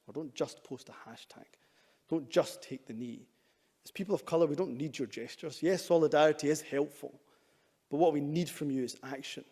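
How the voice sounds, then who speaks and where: A man's voice: on the high side, warm tone. A man, a government minister giving an earnest, emphatic formal speech to parliament. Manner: earnest and emphatic, with repeated urging statements. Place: large debating chamber. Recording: long reverb of a debating chamber.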